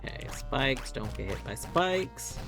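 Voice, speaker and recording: Lively, yelping game streamer. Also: mid-range voice, takes it slowly, music in the background. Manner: chatty self-narration with sudden yelps. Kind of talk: live gameplay commentary.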